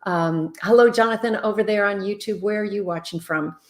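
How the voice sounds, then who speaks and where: A woman hosting a live relationship-advice stream. She chats, greets viewers, reads out their comments and answers them bluntly, sounding tired after a long day. Her voice grows louder and quieter as she moves toward and away from the mic. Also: medium pitch, brisk. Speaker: relationship expert host. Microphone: webcam mic, moves toward and away from it.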